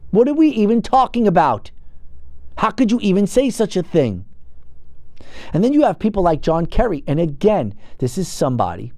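A man's voice: a little high, darkish tone, no echo, studio quality. A man hosting a political commentary show, delivering an impassioned opinion rant to camera and firing off rhetorical questions. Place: indoor set with a flag behind him.

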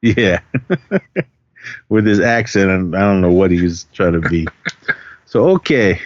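A man's voice: low-pitched, takes it slowly, dry recording. A man co-hosting a podcast, rambling through a film recap in casual chat, laughing often and filling gaps with "uh". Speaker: podcast co-host. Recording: dry, dull lo-fi sound.

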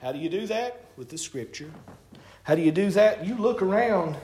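Preacher guy telling folksy stories in church, kinda high voice. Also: lively intonation, moderate pace, darkish tone. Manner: folksy storytelling, colloquial grammar. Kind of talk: sermon. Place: church sanctuary. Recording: echoey church room.

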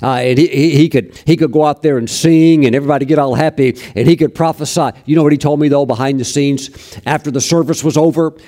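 Male preacher, folksy storyteller, mellow tone, lots of restarts. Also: on the high side, fairly even intonation, fast. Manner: folksy, anecdotal, many restarts. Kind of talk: sermon storytelling.

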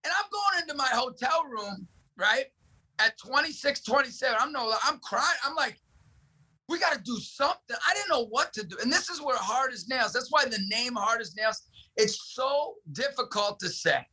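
A man's voice: very high voice, lively intonation, moderate pace, bright, forceful tone, breathy edge, low-quality recording. A man, a ministry director and guest, talking with fervent, preacher-like emphasis in punchy, repeated phrases. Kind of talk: fervent preaching-style talk.

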